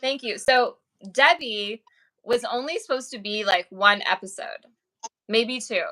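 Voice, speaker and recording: Bright-voiced chatty woman actress. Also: a little high, measured pace, poor audio. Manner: chatty, upbeat storytelling with many fillers. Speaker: actress and author, guest. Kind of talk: casual interview chat.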